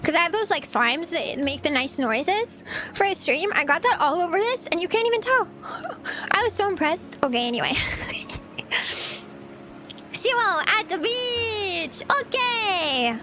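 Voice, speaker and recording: High, bright-voiced giggly woman streamer. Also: very animated, measured pace, slight background noise. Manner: giggly, rambling, chatty. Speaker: VTuber streamer. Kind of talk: casual livestream chat.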